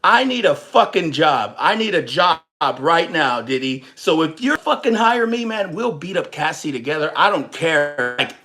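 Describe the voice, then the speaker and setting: A young man from Texas hosts a livestream where he rants, swears, and rambles, animated as he jokes and chats with viewers. His fairly high voice keeps a moderate pace with few pauses.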